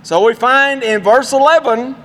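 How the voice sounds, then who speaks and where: A man's voice: extremely high pitch, moderate pace, bright, forceful tone. A male pastor preaching a sermon in a folksy, storytelling way, in a church sanctuary. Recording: long hall reverb.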